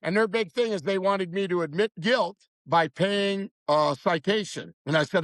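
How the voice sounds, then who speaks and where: A man's voice: high-pitched, normal speed, few pauses, no room sound. A man in his fifties telling a story as a podcast guest in a blunt, heated, profane way. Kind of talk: casual storytelling chat.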